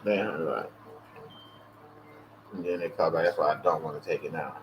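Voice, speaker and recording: A man hosting a casual livestream, ranting in an animated, profane way and acting out both sides of phone calls. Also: a bass voice, moderate pace. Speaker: livestream host. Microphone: earpiece or headset. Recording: dull lo-fi stream audio with faint hiss.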